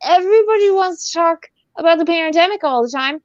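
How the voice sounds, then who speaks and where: A woman doing a high, eager little boy. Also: a little fast, no echo, dull audio. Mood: insistent. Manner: pleading, emphatic. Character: eager young boy, insistent and excitable.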